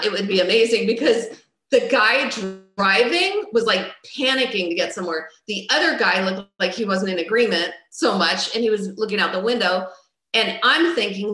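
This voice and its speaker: Candid middle-aged woman, roomy echo. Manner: candid and raw, swinging from low and quiet to loud outbursts. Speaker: speaker sharing her life story. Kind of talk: personal testimony storytelling.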